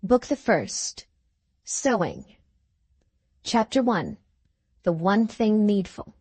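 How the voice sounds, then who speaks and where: A woman reading an audiobook in measured, even scripted narration. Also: medium pitch, husky, dry recording.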